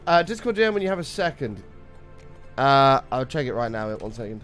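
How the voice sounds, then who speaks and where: A young man hosting a casual gaming live stream, greeting viewers by name and chatting with excitable bursts, his voice slightly rough. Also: mid-range voice, normal speed, soft background music.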